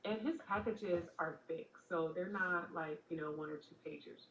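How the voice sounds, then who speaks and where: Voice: medium pitch, moderate pace, a bit bright. A customer describing their experience in a review video played during a stream. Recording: dull, roomy review clip with faint noise.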